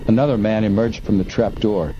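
A man reading an adventure novel aloud in measured, suspenseful narration. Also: on the low side, steady tone, warm tone. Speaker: audiobook narrator. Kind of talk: scripted narration. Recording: muffled lo-fi with faint hiss.

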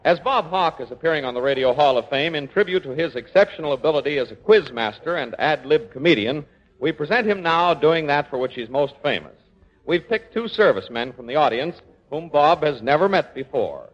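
High-voiced 1940s radio announcer. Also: male voice, lively intonation, fairly quick. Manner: polished, ceremonious. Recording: dull lo-fi 1940s radio broadcast with music.

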